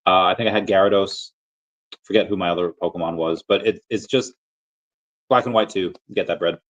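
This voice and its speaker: A man's voice: low-pitched, fairly even intonation, a little fast. A man hosting a casual livestream, rambling and chatting with viewers, full of fillers and restarts. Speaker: livestream host. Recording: dull lo-fi audio.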